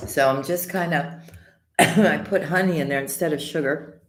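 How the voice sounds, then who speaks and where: A woman hosting a live tarot stream, greeting viewers by name and calling them sweetheart and honey, her voice slightly hoarse with the odd cough. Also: deep voice, slow pace, slight background noise. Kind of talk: casual live-stream chat and tarot reading. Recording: echoey room.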